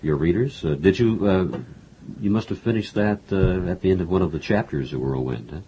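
Very deep-voiced male interviewer. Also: lively intonation, a little fast, dark tone, lo-fi sound, slight background noise. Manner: conversational, leading questions. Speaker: interviewer host.

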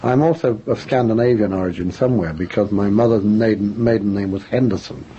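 The guest is an older man from England, an author, whose warm, low-leaning voice has a breathy edge and a brisk pace. He reflects on interview questions with self-deprecation, frequently starting over, on a dull, lo-fi radio recording with faint noise.

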